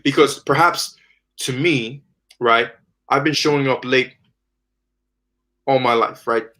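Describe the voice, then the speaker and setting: Slow, reflective low-voiced speaker. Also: steady tone, a bit bright. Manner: slow, reflective, frequent affirming murmurs. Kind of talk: casual conversation.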